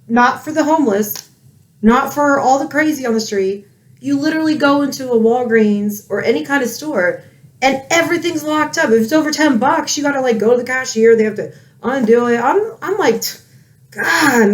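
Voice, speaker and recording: A woman with children, ranting angrily in a heated commentary, swearing often. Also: high-pitched. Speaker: political commentary vlogger.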